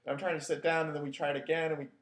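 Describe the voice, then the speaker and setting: A man's voice: a little high, little pitch movement, rapid-fire. A man hosting a show, telling a personal story in a casual, wry, self-mocking way, loose with filler words. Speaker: podcast host. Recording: echoey room.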